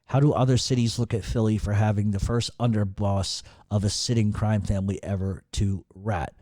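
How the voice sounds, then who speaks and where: A middle-aged man hosts a casual Q&A show. He talks bluntly and swears freely, often breaking into rants. His voice is dark and mellow, and it is recorded dry and close to the mic. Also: on the low side, level tone, normal speed, dry recording. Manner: blunt, profane and ranting. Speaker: podcast host. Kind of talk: casual radio Q&A.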